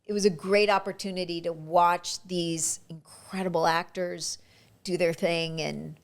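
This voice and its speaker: An actress telling lively stories about her auditions and career in a casual interview. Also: lowish voice, measured pace. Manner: lively anecdotal, frequent restarts. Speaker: actress guest.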